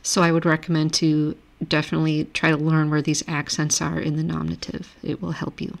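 Fairly quick and completely flat, this woman's deep voice carries vocal fry. As a language teacher in a recorded screen-shared grammar lecture, she patiently reads out word lists and walks through each rule step by step.

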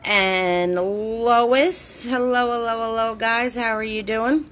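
A woman's voice: fairly high pitch, steady tone, slow, a bit bright, a little hiss or hum. Chatty New woman hosting a live stream. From New Jersey. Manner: chatty, greets viewers by name, frequent fillers. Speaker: live painting class host. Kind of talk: casual live-stream chat.

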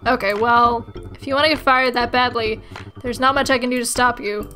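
A woman voicing an anxious, bossy female office manager who scolds in a halting, stern way. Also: on the high side, fairly even intonation, pushed and bright, faint music behind. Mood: nervous lecturing.

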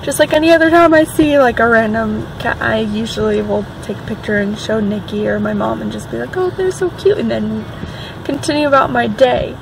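A woman vlogging from a parked car, talking in a rambling, excitable way full of filler words. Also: a little high, fairly quick, creaky. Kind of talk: casual chatty vlog. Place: parked car outside a store. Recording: car and air-conditioning noise.

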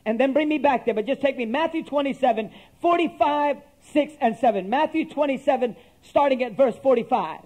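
A man's voice: extremely high pitch, a little mellow. A male pastor preaching a sermon, passionate and calling on the congregation to answer back. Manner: impassioned, calls for amen from the congregation.

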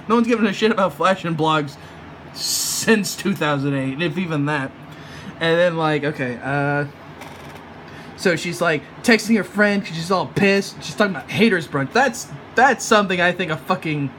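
Bright-voiced man ranting profanely. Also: fairly high pitch, slight background noise. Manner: profane, sneering, rambling with many fillers. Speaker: comic review vlogger. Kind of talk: casual ranting review.

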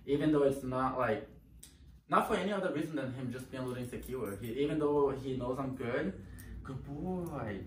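Male dog trainer, mid-pitched, talking in short bursts; off-mic in an echoey room with clear background noise. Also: fairly quick, recorded from a distance. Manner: talks in short bursts, breaking off to give the dog commands. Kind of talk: explaining while training a dog.

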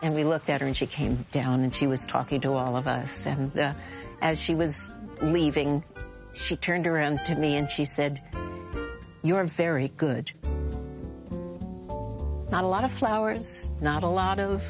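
A woman's voice: deep voice, steady tone, moderate pace, over music. An older woman, an interviewee, candidly telling anecdotes. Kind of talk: reflective interview.

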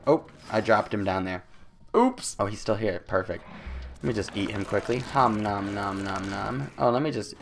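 A man giving playful let's-play commentary, goofy and taunting, with sudden loud outbursts. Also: lowish voice, animated, normal speed, a little hiss or hum. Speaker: gameplay commentator.

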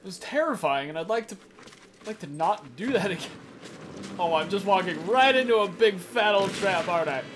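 A gamer narrating a first-look playthrough, excitable and jokey, yelping and swearing at every scare. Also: mid-range voice, moderate pace, noisy background. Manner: jokey running banter with the viewer. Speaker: gameplay commentator. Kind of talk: let's-play commentary. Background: game music.

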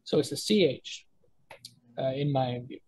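A woman's voice: very deep voice, animated, unhurried, darkish tone, breathy edge, poor audio. A woman teaching a Hebrew pronunciation lesson to a live class, thinking aloud with many restarts and self-corrections as she sounds out words. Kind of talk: live class lecture with students.

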